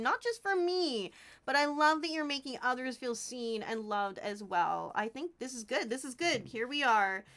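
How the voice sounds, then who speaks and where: A woman's voice: fairly high pitch, sharp tone, clear, resonant tone. A woman streaming live from home, chatting with her viewers while crafting paper snowflakes and thanking them as she goes. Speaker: Twitch streamer.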